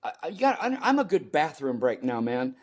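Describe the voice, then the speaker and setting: An older man from the United States, a performance coach, telling lively stories in an interview and acting out his own reactions. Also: on the high side, fairly quick. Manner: animated storyteller, acts out his own panicked voice. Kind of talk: storytelling interview talk.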